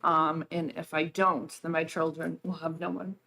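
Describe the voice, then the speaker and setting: A woman giving emotional, hesitant testimony at a state senate hearing, with many pauses and ums. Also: low voice, little pitch movement, vocal fry, sharp tone, slight background noise. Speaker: public witness. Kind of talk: public testimony.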